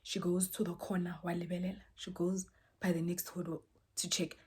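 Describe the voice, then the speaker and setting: Breathy young woman telling a story. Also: fairly low pitch, moderate pace. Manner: animated, swings between soft near-whispers and loud exclaimed quotes. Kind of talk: casual storytime.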